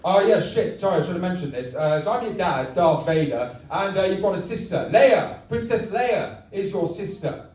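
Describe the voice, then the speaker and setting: A man voicing Darth Vader as a pompous warlord who talks low and grand, heard from a distance in a very echoey comedy club. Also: animated, normal speed, a little mellow. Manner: pompous, low, then apologetic. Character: Darth Vader, menacing male warlord turned sheepish.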